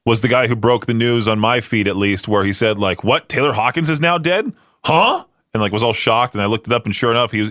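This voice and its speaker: A man's voice: mid-range voice, fairly bright tone, no room sound. Chatty male radio podcast host, dry sound. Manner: chatty, rambling, frequent fillers and restarts. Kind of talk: casual talk-show commentary.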